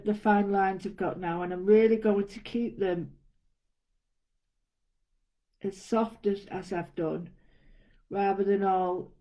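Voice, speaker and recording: A woman giving a casual drawing tutorial, chatting through each step as she works and often trailing off softly. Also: mid-range voice, dull audio. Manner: chatty, narrates her own steps as she draws. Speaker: art tutor.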